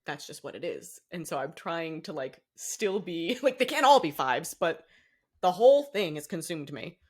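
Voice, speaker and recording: A young woman chats casually as a podcast co-host. She rambles, cuts herself off mid-thought and breaks into laughter often. Her voice sits a little low. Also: sing-song, moderate pace, breathy edge. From Boston area, US. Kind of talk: casual chat.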